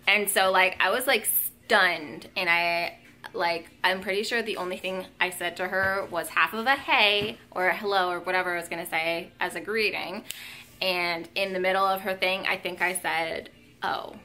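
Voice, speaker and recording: Young woman, vlogger, bright voice, slightly low pitch, emotional, lots of fillers, at home. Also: fairly even intonation, normal speed. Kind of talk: casual storytelling to camera.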